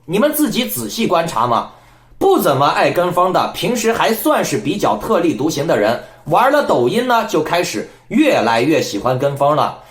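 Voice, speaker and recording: Man, commentary host, emphatic, lecturing, slightly high voice. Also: huge pitch swings, moderate pace, roomy sound. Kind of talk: casual political commentary.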